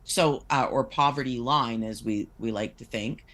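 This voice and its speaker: A woman's voice: extremely low pitch, moderate pace, fairly bright tone. A woman talking as a guest on a podcast, earnestly explaining figures and reading excerpts aloud with frequent restarts. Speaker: guest discussing poverty policy.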